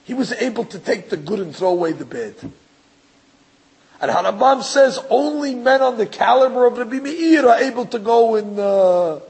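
Husky gravelly rabbi guy lecturing, punchy rhetorical, keeps restarting. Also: extremely high pitch, animated, moderate pace, a little mellow, low-quality recording. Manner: emphatic, rhetorical, acts out voices, stammering restarts. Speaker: rabbi teaching a class. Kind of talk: religious lecture.

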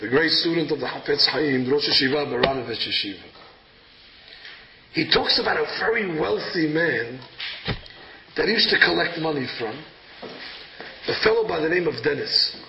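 A man teaching a lively religious lesson, acting out verses with sudden loud emphasis. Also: fairly high pitch, normal speed, long pauses. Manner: dramatic, acts out verses, bursts of loud emphasis. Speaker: rabbi teaching a class. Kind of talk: animated Torah lesson. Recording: echoey room, dull lo-fi sound with clear background noise.

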